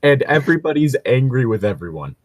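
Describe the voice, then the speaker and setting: A man's voice: fairly low pitch, lively intonation, moderate pace, darkish tone, a little hiss or hum. A man with a lisp, acting as game master and chatting casually with his players. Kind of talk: casual tabletop game chat.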